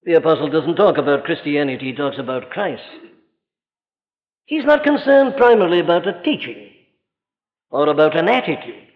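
A man preaching a sermon in an emphatic, rhetorical way, his voice rising and dropping sharply for stress, heard on a dull lo-fi recording in a church or large hall. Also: fairly high pitch. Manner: emphatic and rhetorical, with sudden rises and drops.

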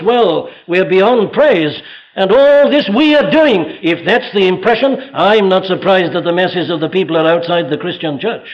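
High-voiced male preacher, fervent and exhorting, on a dull lo-fi sermon recording. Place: church pulpit.

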